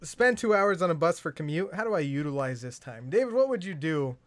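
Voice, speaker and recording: Man, podcast host, higher voice, dry recording, crude banter, laughs a lot. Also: lively intonation, fairly quick, dry recording. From Southern California. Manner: crude, laughing, reads listener questions. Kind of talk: casual comedy podcast chat.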